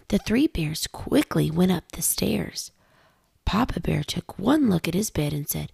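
A woman, a mother, reading a children's storybook aloud with a gentle, lively storytelling cadence, close and dry. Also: on the low side, a little slow, creaky, slightly rough, no room sound.

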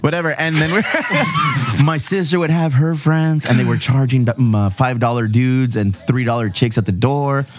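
Animated man telling stories. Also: medium pitch, normal speed, hardly any pauses. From San Diego–Tijuana border region. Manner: animated storytelling, profane, switches into Spanish. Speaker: podcast host. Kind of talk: casual podcast chat.

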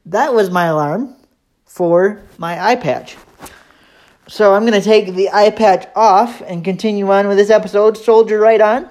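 A man's voice: sits high, a little mellow. Chatty Michigan man hosting a podcast. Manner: rambling, self-deprecating, chatty with frequent fillers. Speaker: podcast host. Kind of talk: casual solo podcast monologue.

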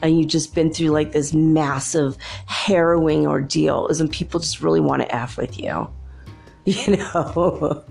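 A woman's voice: low voice, measured pace, vocal fry, a little mellow, breathy edge, faint music behind. A woman hosting a show, telling chatty, rambling stories in a casual monologue and laughing often. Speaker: show host.

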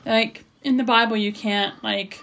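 Chatty woman, slightly creaky. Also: on the high side, steady tone, measured pace, fairly bright tone, slight background noise. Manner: chatty, many "like" fillers while thinking aloud. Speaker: co-host, wife of the host. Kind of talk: casual Bible discussion.

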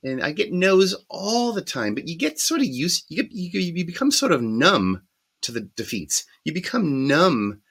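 Animated middle-aged man telling stories. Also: on the high side, moderate pace, creaky, slightly rough. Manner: animated, acts out his own past thoughts, stammers when excited. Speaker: interview guest, speed painter. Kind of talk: casual interview storytelling.

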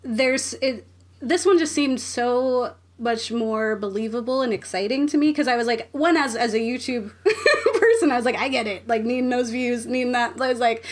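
A woman with a fairly high voice hosting a casual podcast chat. She talks loosely and breaks into giggles often. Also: moderate pace. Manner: giggly, frequent laughter. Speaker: podcast host.

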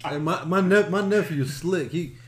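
A man telling stories in lively, slangy casual chat on a podcast, often laughing. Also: fairly high pitch, moderate pace, echoey room.

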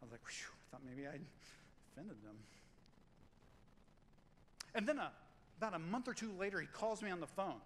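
Male pastor, sermon, conversational and animated, slightly high voice, long church reverb, faint room noise. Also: moderate pace, long pauses. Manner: conversational, animated, acts out quotes.

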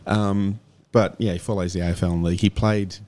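A lower-pitched Australian man in his fifties chats as a guest on a radio show. He rambles through stories at an easy pace, often breaking into a chuckle. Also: steady tone, brisk, a little mellow, a little hiss or hum. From Canberra, Australia. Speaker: guest musician. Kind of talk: casual radio chat.

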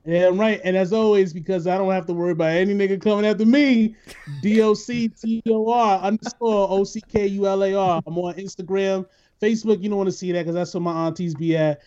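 A man hosts a podcast with loose, joking banter and frequent laughter. His voice sits high, and the recording sounds dull and lo-fi. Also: fairly even intonation, fairly quick, warm tone, clean tone. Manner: joking, laughs often, runs the show. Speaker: podcast host.

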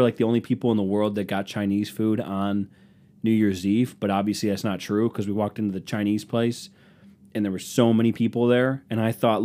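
On his own comedic podcast, a young man with a warm, lowish voice sarcastically vents about rude customers and imitates them in exaggerated voices.

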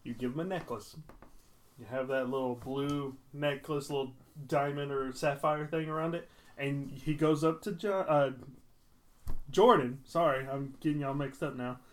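A man co-hosting a podcast in casual chat, playful and quick to laugh. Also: medium pitch, fairly even intonation. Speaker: podcast co-host.

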